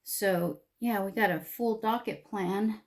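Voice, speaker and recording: A woman's voice: medium pitch, slow pace. Emotional older woman confiding. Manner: emotional, confiding, sometimes whispering. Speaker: vlogger. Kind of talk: casual chat while getting ready.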